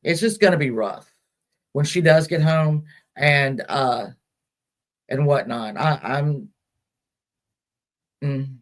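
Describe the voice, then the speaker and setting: A woman hosting a caregiver support live stream, talking in a casual, halting way with many fillers and restarts, and answering viewer comments aloud. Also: sits low.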